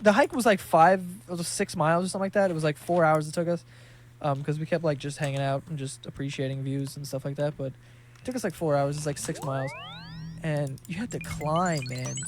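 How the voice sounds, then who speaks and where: A young man from New York City chatting casually while he plays a game, telling stories with lots of swearing and laughter. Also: a little high. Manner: profane, laughing, animated storytelling. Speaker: gaming streamer.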